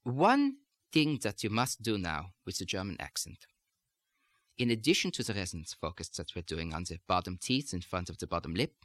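A man's voice: fairly low pitch, a bit bright, no room sound. Man teaching in a put-on German accent. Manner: precise, explanatory teaching delivery. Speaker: dialect coach. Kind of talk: recorded accent lesson.

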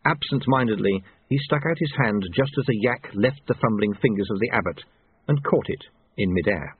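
A man narrating an audiobook in a measured, dry reading style. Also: fairly low pitch, lively intonation, slightly rough, no echo. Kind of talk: scripted narration. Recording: tinny phone-like audio.

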